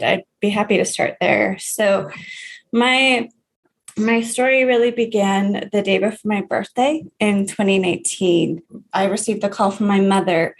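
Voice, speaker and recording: A woman in her thirties, a grief coach, telling her story in a podcast interview, earnest and warm, with soft laughs between sentences. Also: lowish voice. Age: 30s.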